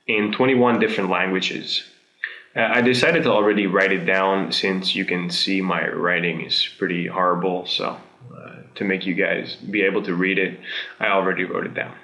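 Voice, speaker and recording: Gravelly low-voiced Dutch man. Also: roomy sound, low-quality recording. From Netherlands. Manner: chatty, relaxed, many "uh" pauses. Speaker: video host. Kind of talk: casual language tutorial.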